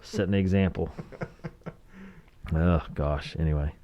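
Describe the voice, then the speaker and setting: A man's voice: sits low, steady tone, a little slow, warm tone, dull audio. A man in his forties from West Virginia, co-hosting a podcast and telling laid-back stories about a movie, often chuckling and acting out quotes. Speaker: podcast co-host. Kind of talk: casual movie review chat.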